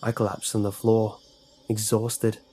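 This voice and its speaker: A man narrating a scripted horror story in a tense, measured way. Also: on the low side, flat delivery, mellow, breathy edge.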